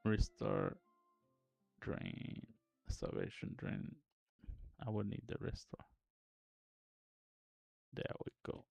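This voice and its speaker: A young man streaming game development, quietly muttering to himself in halting phrases as he works. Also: fairly low pitch, huge pitch swings, creaky, husky, no echo, faint music behind. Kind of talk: casual livestream commentary while coding and gaming.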